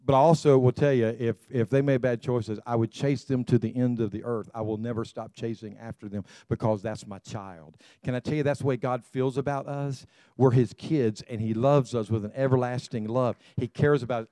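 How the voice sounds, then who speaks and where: A middle-aged man preaching a sermon in a conversational, animated way, often repeating and restarting phrases. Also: mid-range voice, fairly quick, no room sound. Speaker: pastor.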